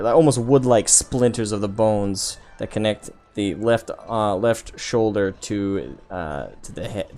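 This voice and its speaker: A man's voice: medium pitch, a little mellow. A man narrating as game master of a tabletop game, describing the action loosely and filling gaps with "like" and "kind of".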